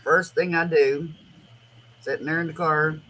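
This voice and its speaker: A woman hosts a casual chat, her low voice moving at a measured pace as she spins rambling, animated stories in loose, colloquial everyday speech. The recording was made at home and is noisy.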